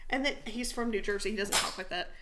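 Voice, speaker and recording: A young woman co-hosting a podcast, telling stories in a casual, animated way, swearing and acting out what people said. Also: medium pitch, fast, background noise. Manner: animated, swearing, acts out quotes. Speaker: podcast co-host. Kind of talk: casual storytelling chat.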